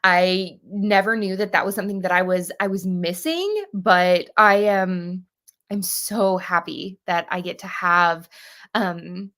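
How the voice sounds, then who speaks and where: A woman's voice: lowish voice, takes it slowly, fairly bright tone. A woman in her thirties hosting a book club livestream, bubbly and chatty, greeting viewers by name. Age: 30s. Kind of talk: casual livestream chat.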